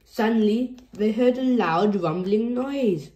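A woman reading a children's storybook aloud in a gentle, clear storytelling manner. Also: medium pitch, expressive, takes it slowly. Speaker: storybook reader. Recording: roomy echo.

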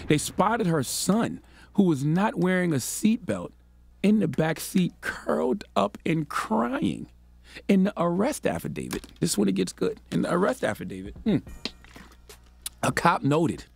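A man on morning radio tells a news item as a mocking comedy routine. His slightly high voice swings widely and carries a gravelly rasp. The studio sound is dry and close. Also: no room sound. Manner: animated, playful, mocking storyteller. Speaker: radio show co-host. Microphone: studio microphone.

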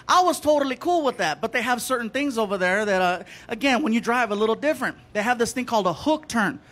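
A man doing an animated stand-up set, telling stories and acting out the people in them. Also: extremely high pitch, fast. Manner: animated, acts out characters in quotes. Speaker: stand-up comedian. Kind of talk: stand-up storytelling. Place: comedy stage before a live audience.

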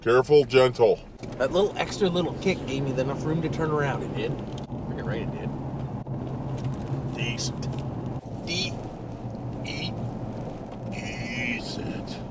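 A man's voice: mid-range voice, fairly quick. An older man with an Ontario Canadian accent, chatting while he drives and joking crudely with catchphrases he repeats. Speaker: vlogger. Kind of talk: casual vlog chat while driving. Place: inside a car while driving. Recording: distant mic with loud car noise.

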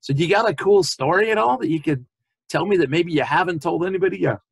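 A male interviewer with a somewhat husky voice, recorded dry and close on a video call. He asks long, chatty questions and corrects himself as he goes. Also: high voice, fast, no room sound. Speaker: interviewer, podcast host. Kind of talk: casual interview.

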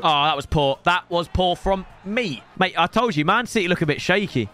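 Young male gaming commentator, high voice, rowdy banter. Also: normal speed, few pauses, soft background music. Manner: excitable, joking banter with bursts of yelling. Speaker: gaming YouTuber. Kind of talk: live gameplay commentary.

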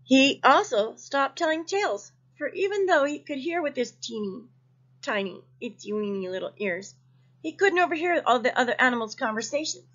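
Expressive woman reading a story to kids. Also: sits high, normal speed. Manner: expressive, asking questions to young listeners. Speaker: children's story reader. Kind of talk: reading aloud to children. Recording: dull lo-fi recording.

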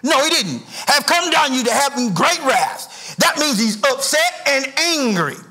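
A middle-aged man preaches in a church, his voice pitched unusually high for a man. His tone is bright and forceful, and his delivery climbs into sing-song rises and shouted emphasis. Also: very animated, measured pace. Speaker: pastor. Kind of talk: sermon. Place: church sanctuary.

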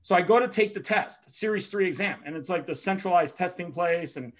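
A man telling a personal story in a casual talk, animated and profane, acting out the other people in it and laughing along the way. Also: high-pitched, fairly quick. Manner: excitable, swears often, acts out other people's lines with shouting and laughter. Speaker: podcast host telling a story.

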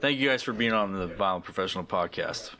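A man hosting a podcast in casual crude banter, jokey and quick to laugh. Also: low voice, noisy background. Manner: animated, jokey, laughs often. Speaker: podcast host.

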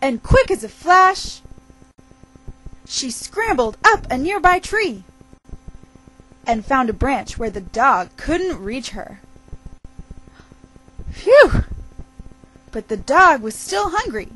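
A woman telling a picture-book story aloud with expressive, drawn-out emphasis. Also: high-pitched, faint music behind, rough recording.

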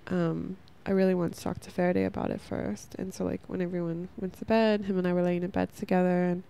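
A woman's voice: fairly low pitch, little pitch movement, fast talker, creaky, dark tone, clean tone. A young woman hosting a casual spiritual podcast, talking in a rambling, heartfelt way and saying "like" a lot. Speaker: podcast host.

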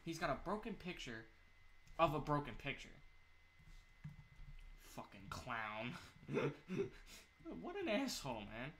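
Excitable, profane man gaming. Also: on the high side, slow, long pauses, very noisy. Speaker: gamer. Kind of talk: gameplay commentary.

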